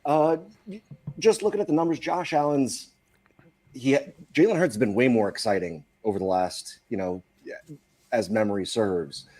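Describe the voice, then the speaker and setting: Dry-witted podcast co-host. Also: male voice, medium pitch, moderate pace, darkish tone. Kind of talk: casual analysis chat.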